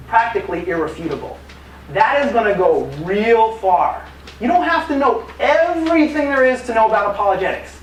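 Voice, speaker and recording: A man, an apologetics teacher, giving a live conference talk in lively, casual storytelling style with acted quotes and fillers. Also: high voice. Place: museum conference room. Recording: echoey room, distant mic, faint noise.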